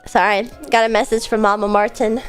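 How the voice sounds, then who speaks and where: A woman's voice: a little high, little pitch movement, a little fast, clean tone, faint music behind. A young woman streaming casually, rambling about her day and answering chat messages as they come in. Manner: rambling, chatty, reads chat aloud and answers it. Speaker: VTuber streamer.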